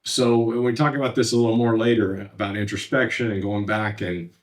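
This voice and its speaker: A man's voice: on the low side, fairly even intonation, fairly quick, far from the mic. A man working as a counselor, teaching from slides in a plain conversational way, with frequent fillers and restarts. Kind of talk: slide-based lecture.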